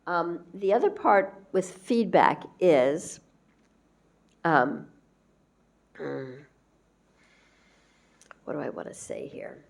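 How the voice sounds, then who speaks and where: A woman spiritual teacher giving a gentle, conversational devotional talk and acting out quoted lines. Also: low-pitched, sing-song, very slow, creaky, long pauses.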